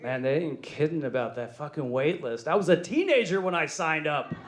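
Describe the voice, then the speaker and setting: A man's voice: a little high, animated, normal speed, a little hiss or hum. A man in his thirties doing a stand-up set, self-deprecating and chuckling through his jokes. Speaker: stand-up comedian.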